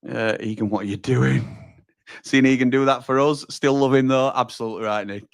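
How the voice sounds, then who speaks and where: A man's voice: medium pitch, steady tone, moderate pace, creaky, no echo, studio quality. A man hosting a live football watch-along, reacting to the match and reading viewer comments while calling them pal and mate. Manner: chatty, reacts loudly to chances, addresses viewers as pal and mate.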